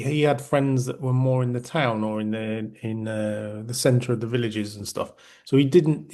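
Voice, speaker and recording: A man's voice: medium pitch, a little mellow. A middle-aged man from Yorkshire co-hosting a casual podcast chat, rambling and restarting his sentences often. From Yorkshire, England. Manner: rambling, with frequent restarts and repeated words. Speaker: podcast co-host.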